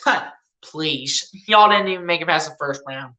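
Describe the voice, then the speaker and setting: Bright-voiced woman doing fan play-by-play. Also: sits low, moderate pace. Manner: animated trash-talking fan, laughs often. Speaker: fan streaming live play-by-play. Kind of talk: live play-by-play commentary. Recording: roomy echo.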